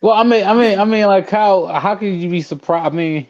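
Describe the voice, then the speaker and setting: A man's voice: high voice, brisk, a little mellow, dull audio. A young man co-hosting a casual sports podcast, teasing his friend in a playful manner. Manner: teasing, playful, laughs often. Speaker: podcast co-host.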